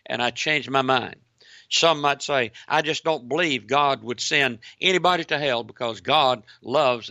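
A man, a pastor, preaching a sermon, repeating phrases for emphasis and often addressing the listeners as ladies and gentlemen. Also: mid-range voice, no room sound.

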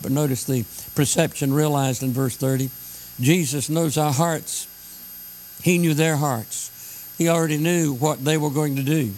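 A man preaching a sermon, slowing down to stress scripture lines. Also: fairly high pitch, a little mellow, a little hiss or hum, low-quality recording. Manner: emphatic, slows down to stress scripture.

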